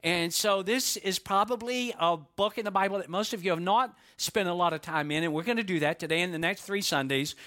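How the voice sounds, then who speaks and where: Male pastor, bright and slightly high voice, folksy conversational sermon delivery. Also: fairly quick, hardly any pauses. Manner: folksy storytelling, conversational asides. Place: church.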